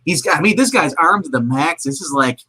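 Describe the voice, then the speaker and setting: A man co-hosting a movie review show in casual chat, acting out characters in quick voices and laughing often. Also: fairly high pitch, animated, pushed and bright, slightly rough, poor audio.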